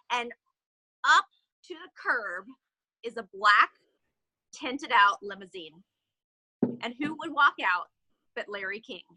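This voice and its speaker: A woman sales director telling a motivational story in an animated way, with fillers, on a video call. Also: fairly high pitch, dry recording, poor audio.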